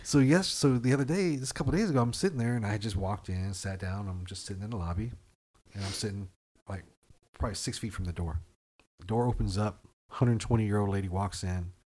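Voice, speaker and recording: Low-voiced man telling profane stories. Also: brisk. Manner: profane, animated storytelling with acted-out quotes. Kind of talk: casual podcast chat.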